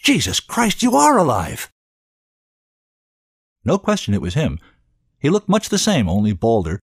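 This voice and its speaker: A male host reading fiction aloud with expressive storytelling. His pitch moves widely from line to line, and the sound is close and dry, with no room echo. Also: husky. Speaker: host and reader. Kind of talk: scripted fiction narration.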